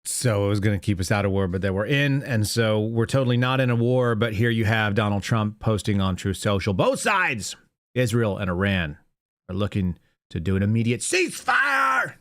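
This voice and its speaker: A man's voice: on the low side, fairly even intonation, fast, few pauses, no echo, clean studio sound. A male podcast host giving wry, sarcastic commentary while reading headlines aloud. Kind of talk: live-stream commentary.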